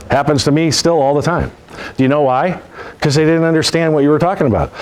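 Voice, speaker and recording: A man's voice: on the high side, low-quality recording. Folksy joking male sales trainer. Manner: folksy, joking, animated storytelling. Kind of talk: motivational seminar talk.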